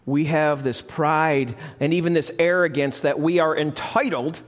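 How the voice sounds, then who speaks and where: High-voiced preaching man, church reverb. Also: steady tone, unhurried. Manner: emphatic, asks the congregation questions. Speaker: pastor. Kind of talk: sermon. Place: church sanctuary. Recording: live church recording with reverb.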